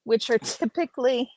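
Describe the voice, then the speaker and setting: A woman's voice: high voice, a little mellow, dry recording, low-quality recording. A woman hosting a live stream, reading an academic paper aloud and breaking off to chat with her viewers. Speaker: livestream host reading aloud.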